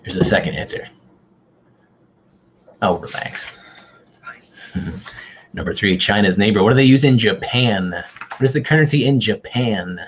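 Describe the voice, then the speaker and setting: A man's voice: on the low side, expressive, measured pace, long pauses, dull audio, a little hiss or hum. A man hosting an online quiz, bantering casually and teasing himself. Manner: joking, self-deprecating banter. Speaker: quiz host.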